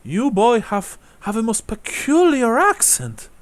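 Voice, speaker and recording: A man's voice: very high-pitched, huge pitch swings, a little slow, no room sound, pitched above the performer's own voice, exaggerated voice. A man voicing a frail, wounded old widow who is sweet and effusive, sighing "oh" often. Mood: fawning. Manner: breathy exclaiming "oh"s, sweet and effusive.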